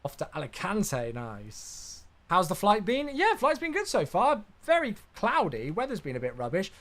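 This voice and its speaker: High-pitched and a little bright, this flight sim streamer swings widely in pitch at a moderate pace. He's a young man flying on a live stream, casually reacting aloud and answering viewers' questions.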